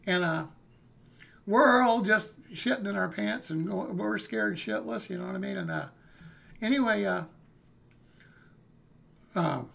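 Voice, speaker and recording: A man's voice: sits high, animated, measured pace, creaky, pauses often, fairly bright tone. A man telling a story casually on a live stream, rambling and checking in with "okay?" and "you know".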